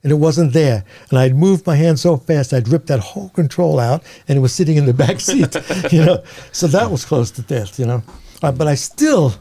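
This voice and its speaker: An older man from New York with a New York accent, telling rambling, animated stories as an interview guest and laughing along. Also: a little high, moderate pace, slightly rough. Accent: American, New York. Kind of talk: casual storytelling.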